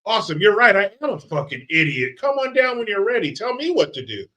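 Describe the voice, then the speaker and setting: A man's voice: high voice, big pitch swings, quick pace, pushed and bright, full character voice. A man voicing a meek, defeated middle-aged dad in a sarcastic, mocking parody.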